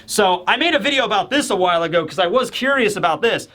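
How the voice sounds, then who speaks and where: Hyped guy reviewing manga, high bright voice, gets loud and animated. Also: fast talker. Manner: excitable, animated, bursts into shouting. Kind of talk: casual video commentary.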